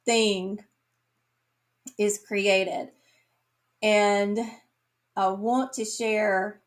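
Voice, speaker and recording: A woman reviewing books on her vlog, talking in a slow, earnest and emotional way, tearing up at times. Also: medium pitch. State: tearful. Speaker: book reviewer. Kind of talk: casual book review vlog.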